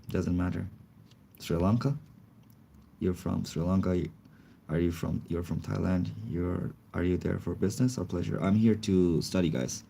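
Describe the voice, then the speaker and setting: A man's voice: deep voice, gravelly, mellow, a little hiss or hum. A young man with a slight cold, chatting casually on a livestream in non-native English with grammar slips, reacting to chat comments. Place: indoors, face not shown.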